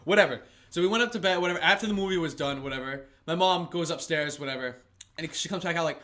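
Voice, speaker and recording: A man's voice: a little high, fast talker. A young man co-hosting a podcast, telling stories in casual chat, acting out quotes and swearing a lot. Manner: animated storyteller, acts out quotes, swears a lot. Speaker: podcast co-host.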